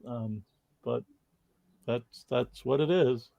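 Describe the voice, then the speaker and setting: A gravelly-voiced man co-hosts a relaxed livestream, rambling from point to point. He reads viewer comments aloud and laughs often. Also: medium pitch, slow pace, dull audio. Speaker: co-host of a comics history livestream. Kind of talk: casual livestream chat.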